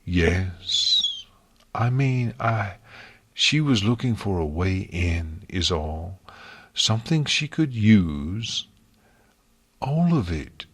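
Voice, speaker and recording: A man's voice: sits low, expressive, extremely slow, fairly bright tone, slightly rough, dry recording, full character voice. A man reading an audiobook, voicing a stern, bitter pony princess of the night who speaks harshly and curtly. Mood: grim.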